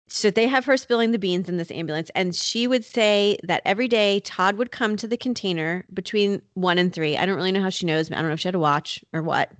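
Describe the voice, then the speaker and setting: In North Carolina, a podcast host with a mid-range voice and no room sound recounts a true crime story. Her chatty delivery leans heavily on fillers like "like" and "you know."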